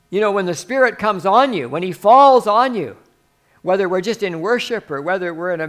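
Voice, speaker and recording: High-voiced preacher, animated sermon. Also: male voice. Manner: animated, laughs often, shifts from soft musing to loud exclaiming.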